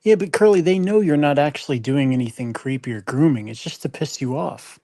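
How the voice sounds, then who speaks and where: A co-host on a livestream, talking in a calm and reassuring way. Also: medium pitch, brisk, no echo, clean studio sound. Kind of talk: casual livestream chat.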